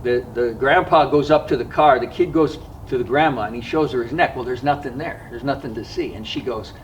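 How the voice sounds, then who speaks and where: A man of middle pitch tells a personal story in an earnest, reflective way, stopping now and then to find his words. He sounds set back from the microphone. A faint hiss of background noise runs underneath. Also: distant mic, poor audio. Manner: earnest, reflective, often pausing to regather his thoughts. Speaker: fishing vlogger.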